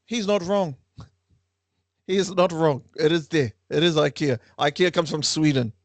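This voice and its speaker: A man hosting a lively quiz for a class, playful and teasing with frequent laughter. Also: a little high, moderate pace, dry recording. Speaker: online class quiz host.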